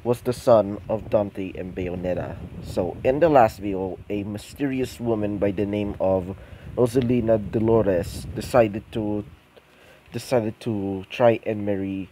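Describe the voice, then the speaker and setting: Male fan-fiction narrator, slow and hesitant, mellow tone, constant ums and restarts. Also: on the low side, slight background noise, low-quality recording.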